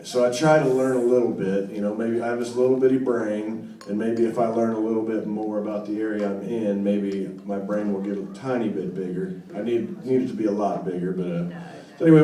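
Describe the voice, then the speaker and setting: A man's voice: on the low side, steady tone, brisk, dark tone. A man with a wry, rambling, self-deprecating way of telling a story between songs at a live show. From United States. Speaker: singer-songwriter performing live. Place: live venue with audience. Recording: roomy live recording from a distance, crowd audible.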